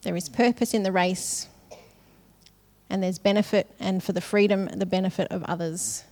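A middle-aged woman delivers a sermon. She keeps it conversational and personal, and breaks into light laughs between phrases. Her voice sits at an ordinary pitch for a woman. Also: steady tone, normal speed, darkish tone. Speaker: conference speaker.

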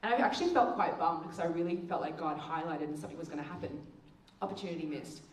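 A woman giving a testimony talk as a speaker, telling stories and acting out the quotes with big jumps in pitch. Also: quick pace. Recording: echoey room, heard from a distance.

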